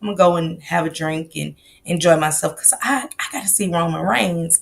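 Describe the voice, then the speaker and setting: A woman's voice: low voice, normal speed, creaky. A middle-aged woman hosting a casual livestream, greeting chat viewers by name in loose, slangy talk. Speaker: livestream host.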